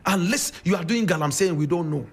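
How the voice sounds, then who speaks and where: This man, a radio commentator with a Ghanaian accent, sounds husky and expressive, his voice sitting high and moving quickly. His commentary is impassioned and preachy, emphatic and packed with rhetorical questions.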